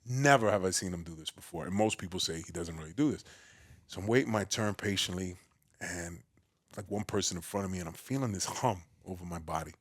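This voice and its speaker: A man from the Bronx with a New York accent, a podcast guest telling his story in a big, loud, boisterous way. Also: brisk, dry recording. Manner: acts out quoted voices with a raised pitch. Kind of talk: casual storytelling conversation.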